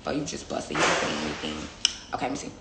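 Blunt, profane woman with a gravelly voice. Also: very deep voice, big pitch swings, very fast, reverberant, heavy background noise. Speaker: livestream host. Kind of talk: casual livestream chat. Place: indoors, on a phone livestream.

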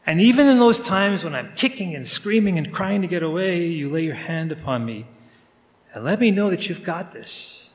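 Earnest pastor praying in a reverberant church. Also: male voice, high voice, expressive, normal speed. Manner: earnest, intimate, addressing God directly. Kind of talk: spoken prayer in a sermon. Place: church sanctuary. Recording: long reverb of a large room.

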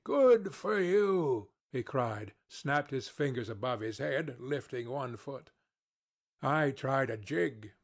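Measured male audiobook narrator. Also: medium pitch, gravelly, a bit bright, slightly rough. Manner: measured, deliberate storytelling.

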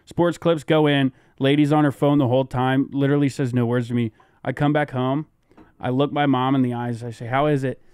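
A young man co-hosting a podcast, self-deprecating and quick to laugh. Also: mid-range voice, fairly even intonation, a little mellow, clean tone, no room sound, studio quality. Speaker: podcast co-host. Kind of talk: casual chat.

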